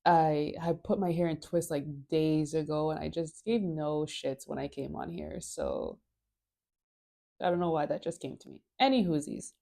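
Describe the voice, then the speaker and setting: A woman's voice: low voice, normal speed, gravelly, dark tone. A woman hosting a casual Bible study, chatty and playful, laughing often and swearing now and then, and sick at the moment. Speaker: host of a Bible study show. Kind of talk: casual Bible reading and chat.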